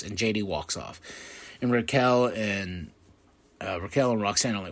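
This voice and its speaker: A man hosting a podcast, giving a casual, excitable recap and acting out quotes in quick voices. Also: medium pitch. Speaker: podcast host.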